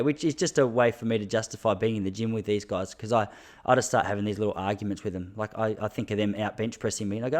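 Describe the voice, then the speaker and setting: Rattling along at a rapid clip in a fairly low voice, a young Australian man hosts a solo podcast. His stories are casual, packed with laughter and self-deprecating asides.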